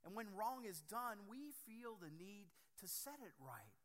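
A middle-aged man preaching a sermon as pastor, earnest, swinging from loud emphatic phrases down to hushed ones. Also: high-pitched, sing-song, measured pace.

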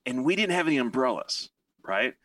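Bright-voiced rambling storyteller man. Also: mid-range voice, fairly quick, distant mic. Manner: rambling, animated, many fillers and restarts. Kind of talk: casual storytelling chat.

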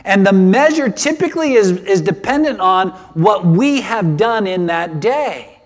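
An older man preaching a sermon, emotional and animated, often repeating himself as he builds his points. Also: sits high, a little slow. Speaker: pastor.

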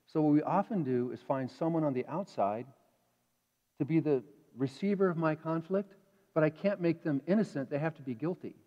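Animated preacher, higher-voiced man. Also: moderate pace. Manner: animated, acts out inner voices; conversational, asks the congregation questions. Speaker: pastor. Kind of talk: sermon. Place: church sanctuary. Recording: dull reverberant church hall.

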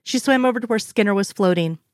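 A woman narrating a piece of fiction in a steady, even storytelling manner. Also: mid-range voice, fast talker, no echo, clean studio sound.

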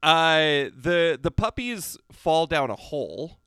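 A man's voice: a little high, big pitch swings, slow, pushed and bright, clean tone, no room sound, studio quality. A man co-hosting a podcast, eagerly recapping a movie plot in casual chat. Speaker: podcast co-host.

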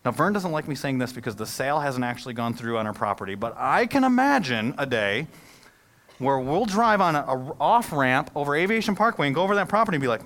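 Male pastor, slightly higher voice, sermon delivery, swings from soft asides to loud emphatic peaks. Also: very animated, quick pace. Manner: jokes with the congregation. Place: church service held in a movie theater.

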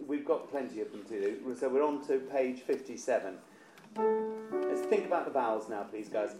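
A man's voice: medium pitch, moderate pace, dark tone, slight background noise. A man leading a choir rehearsal, coaching vowels and singing short lines to demonstrate. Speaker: choir director. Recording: roomy echo with faint instrument.

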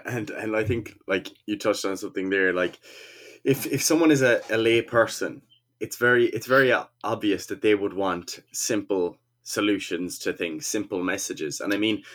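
A man with a fairly low voice, speaking in relaxed podcast chat. He builds his argument step by step, in a steady, considered way. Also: moderate pace. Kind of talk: casual chat.

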